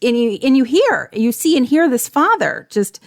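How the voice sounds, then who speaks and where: A woman's voice: high-pitched, sing-song, moderate pace. Frank woman podcast co-host. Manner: frank, vivid retelling with "you know" and "like" fillers. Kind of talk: casual chat reviewing a TV series.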